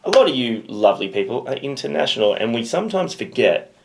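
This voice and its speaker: A man's voice: mid-range voice, big pitch swings, quick pace, creaky, slight background noise. A man with an Australian accent co-hosting a music reaction show, chatting in an easygoing, self-deprecating way. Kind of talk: casual chat.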